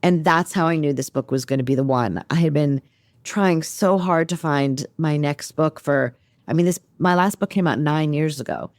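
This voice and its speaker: An American woman author talking animatedly about her novel and reading from it, self-deprecating and quick. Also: sits low, darkish tone, dry recording. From United States. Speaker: author guest. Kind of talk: conversational interview and reading aloud from her novel.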